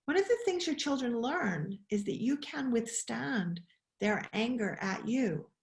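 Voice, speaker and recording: A woman giving a webinar talk on child emotions, expressive, often asking questions. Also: on the high side, slow pace. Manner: expressive, acts out quoted voices, asks questions. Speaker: webinar speaker. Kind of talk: animated talk. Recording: roomy echo.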